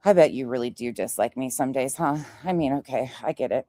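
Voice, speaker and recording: A woman's voice: a bass voice, fairly quick, few pauses, dark tone, no echo, rough recording. A woman ranting in a commentary vlog, sarcastic and mocking, swearing often. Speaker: online commentator.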